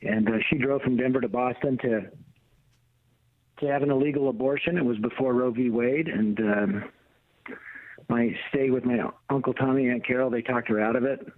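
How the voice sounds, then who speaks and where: A man's voice: mid-range voice, steady tone, moderate pace, dry recording. Blunt middle-aged man on a tinny phone line. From United States. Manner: emphatic, blunt storyteller with a preacher's cadence. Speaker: guest, ministry leader and author. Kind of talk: personal testimony on a radio talk show. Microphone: phone call into the studio.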